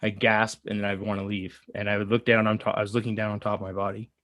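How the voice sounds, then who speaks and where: A man in his thirties telling a personal story in an earnest, halting way, with many fillers and restarts. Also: on the low side, little pitch movement, fairly bright tone, dry recording. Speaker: guest. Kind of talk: casual storytelling.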